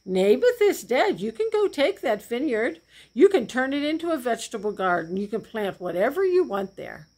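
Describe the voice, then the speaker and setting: A woman's voice: a little high, sing-song, moderate pace, darkish tone, voice pushed up. A woman voicing a scheming evil queen who gives orders, in a children's Bible story. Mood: bossy. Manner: bossy, commanding.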